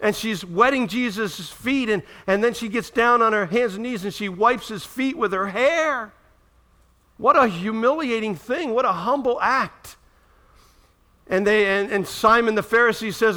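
Bright, high-voiced preacher. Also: male voice, moderate pace. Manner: animated storytelling, acts out quoted voices; checks in with listeners. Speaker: pastor. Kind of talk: sermon.

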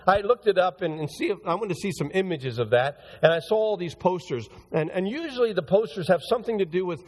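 Man preaching, slightly hoarse, higher-pitched voice, long church reverb, chatty delivery. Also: expressive, quick pace. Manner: conversational, rambling with restarts. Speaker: pastor. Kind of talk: sermon.

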